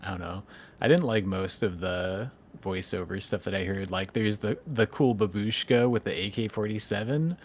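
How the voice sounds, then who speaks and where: A man co-hosting a casual gaming podcast, talking in a relaxed, laid-back way with some casual swearing. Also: on the low side, moderate pace. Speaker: podcast co-host.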